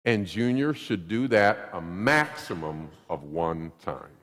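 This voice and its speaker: A male pastor preaching a sermon in a church, emphatic and animated, acting out little scenes. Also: low-pitched, slow pace, long reverb tail. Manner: animated, acts out quotes, emphatic repetition. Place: church sanctuary.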